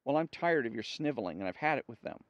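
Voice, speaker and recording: A man reading aloud and voicing a fuming, vindictive old sun woman in a sharp, huffy way, on a dull dry recording. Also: mid-range voice, expressive, fast, dry recording, lightly acted. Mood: bitter.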